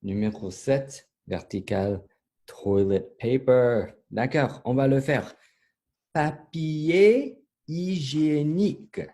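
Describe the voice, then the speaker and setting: A man's voice: mid-range voice, dark tone. A middle-aged man teaching a French lesson, spelling words out letter by letter and mixing French with English in a patient way. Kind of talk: slow spelled-out language lesson.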